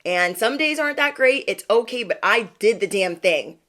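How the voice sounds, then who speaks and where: A woman's voice: mid-range voice, animated, moderate pace, pushed and bright. A woman doing a livestream tarot card reading. She talks straight to her viewers, playful and encouraging, and keeps checking in with them. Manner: chatty, playful, keeps asking "okay?". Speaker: tarot reader.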